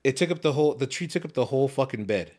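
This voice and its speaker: A man's voice: mid-range voice, animated, rapid-fire, darkish tone. A young man on a podcast, casually telling a long profane story with laughing fits. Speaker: podcast host. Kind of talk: casual chat.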